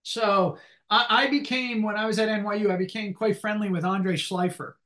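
An older male economics professor, speaking in a relaxed, rambling way as an interview guest, with many restarts and fillers. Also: high-pitched, fairly quick. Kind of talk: conversational interview.

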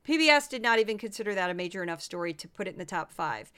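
A woman's voice: medium pitch, animated, very fast, a bit bright, clear, resonant tone. A tired woman hosting a solo podcast, chatting through statistics with self-deprecating asides. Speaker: podcast host. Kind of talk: casual solo podcast commentary.

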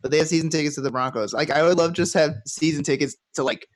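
A man's voice: fairly high pitch, fast talker. A man co-hosting a podcast in loose, joking, profane chat. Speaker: podcast co-host. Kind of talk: casual chat.

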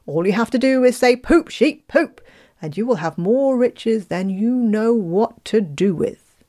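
A woman voicing the North Wind, an old bearded spirit, in a slow lower voice. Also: warm tone. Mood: generous.

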